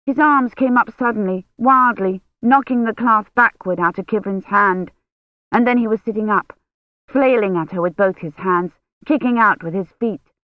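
An audiobook narrator reading a novel in an even, measured way. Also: medium pitch, dry recording. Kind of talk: scripted narration. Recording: dull dry lo-fi audio.

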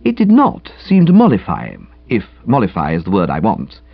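A man reading a comic novel aloud in a breezy, chatty, very expressive manner. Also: fairly low pitch, a little fast, creaky, husky, no echo, narrow, tinny audio. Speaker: audiobook narrator. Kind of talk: comic audiobook narration.

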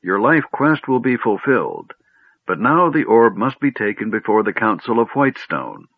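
A man's voice: on the low side, very animated, normal speed, creaky, husky, dry recording, heavily acted. A man doing a weary, stern old wizard. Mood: tired gentle. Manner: grave, commanding, then gentle. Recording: dry, tinny phone-like audio.

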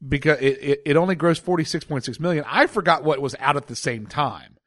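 A man's voice: fairly high pitch, fairly quick, no echo. A man co-hosting a casual podcast chat, chuckling often as he talks. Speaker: podcast co-host.

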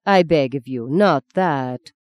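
A reader voicing a suave, courteous older Italian cardinal who speaks smoothly and with a wheedling tone. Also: medium pitch, takes it slowly, no room sound, natural voice. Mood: pleading.

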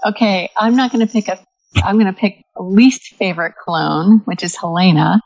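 A woman's voice: mid-range voice, moderate pace, darkish tone, no room sound. Chatty woman podcast panelist, dry muffled sound. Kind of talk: casual podcast chat.

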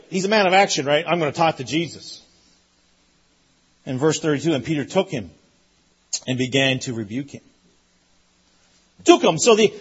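A man preaching a sermon as pastor, emphatic and repetitive, rising to loud peaks. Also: high voice, husky, highs cut off. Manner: emphatic, repeats phrases, rises to loud peaks.

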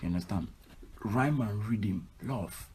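A man's voice: lowish voice, slow pace, warm tone, echoey room. A man with a Nigerian accent, a musician giving brash, profane, playful advice in a casual vlog.

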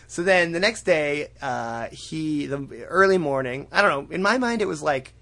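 A man's voice: a little high, expressive, normal speed, bright, forceful tone. A man co-hosting a podcast, recapping an episode in a loose, rambling way. He fills gaps with "uh" and "like" and swears freely. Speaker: podcast co-host. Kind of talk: casual episode recap chat.

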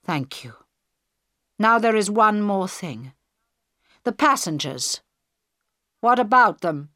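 A woman reading the part of a female prime minister in a crisis, loud, urgent and commanding. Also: medium pitch, sing-song, takes it slowly, no room sound, clean studio sound, voice pushed up, heavily acted.

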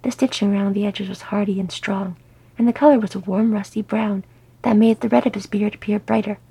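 A woman's voice: medium pitch, a little fast, vocal fry, husky, low-quality recording. A woman reading fan fiction aloud, narrating and voicing each character. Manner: animated, voices each character. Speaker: audiobook reader.

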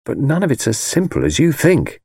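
A man's voice: mid-range voice, huge pitch swings, brisk, darkish tone, breathy edge, no room sound, studio quality, voice pushed up, heavily acted. A man reading an audiobook voices a defensive young husband who answers with irritable exasperation.

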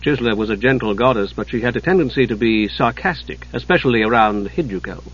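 A man narrating a myth in a measured, deliberate storybook style. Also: medium pitch, a bit bright, breathy edge, lo-fi sound.

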